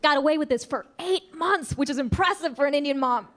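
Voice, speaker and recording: A woman's voice: high-pitched, a little fast, fairly bright tone. A young adult woman doing a brash, punchy stand-up comedy set on a club stage, talking into a handheld mic. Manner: brash, punchy delivery with acted voices. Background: audience laughter.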